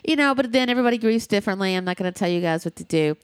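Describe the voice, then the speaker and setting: A woman's voice: medium pitch, lively intonation, rapid-fire, smooth, no room sound. A woman co-hosting a casual discussion, speaking candidly and emphatically, swearing freely.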